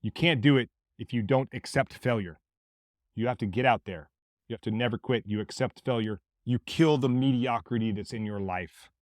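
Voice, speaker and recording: A man's voice: mid-range voice, moderate pace, dry recording. Blunt Southern man, dry close sound. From Mississippi, USA. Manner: blunt, forceful, swears freely. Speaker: podcast host. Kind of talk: motivational monologue.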